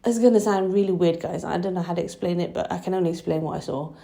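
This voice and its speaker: A young woman telling a personal story in a halting, emotional way, with many restarts. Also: on the low side, vocal fry, dark tone. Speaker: vlogger.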